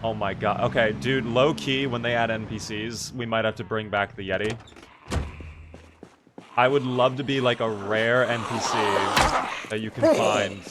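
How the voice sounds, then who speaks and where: A man's voice: on the low side, fairly even intonation, moderate pace, background noise. A man streaming a video game and chatting casually with his audience. He talks in a loose, rambling way, with plenty of "like" fillers. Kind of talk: casual live-stream chat.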